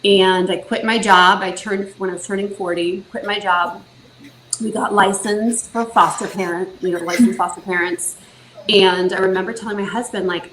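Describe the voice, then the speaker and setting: Guest, woman, 40s, from Northern California; earnest, halting storyteller, roomy echo, faint background. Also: medium pitch, fairly even intonation, a bit bright, a little hiss or hum. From Northern California, USA. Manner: earnest storytelling, many fillers and restarts. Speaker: foster parent guest. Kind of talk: casual podcast interview.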